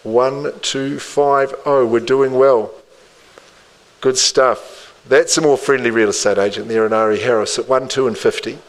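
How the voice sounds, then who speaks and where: A man working as an auctioneer, calling bids in a rhythmic patter, repeating the figures with quick asides to the room. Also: medium pitch, steady tone, poor audio.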